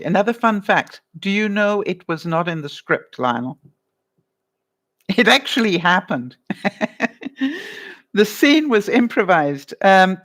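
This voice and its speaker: Woman vlogger, casual live-stream chat, chatty and giggly, reads viewer comments. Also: medium pitch. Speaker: vlogger running a movie quiz.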